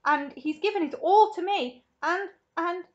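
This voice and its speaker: A woman voicing an eager young boy who talks in a breathless, excited way. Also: sits high, normal speed, lo-fi sound, voice pushed up.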